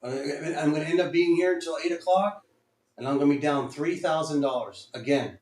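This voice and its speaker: A man's voice: fairly high pitch, a little fast, a little mellow. A man giving live commentary on his own day trades, muttering, cursing and repeating himself in frustration. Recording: roomy echo.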